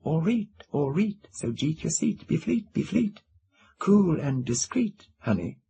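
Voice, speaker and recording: A man's voice: fairly high pitch, big pitch swings, a little slow, gravelly, warm tone, breathy edge, pitched above the performer's own voice, exaggerated voice. A man chanting as a manic singing android. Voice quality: sing-song chanting.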